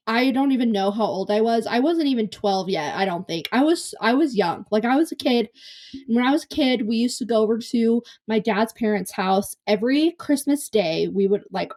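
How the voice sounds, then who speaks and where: A woman's voice: mid-range voice, a little mellow. A young woman hosting a podcast, telling a long embarrassing story in a rambling, self-deprecating way full of fillers. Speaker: podcast host. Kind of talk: casual storytelling monologue.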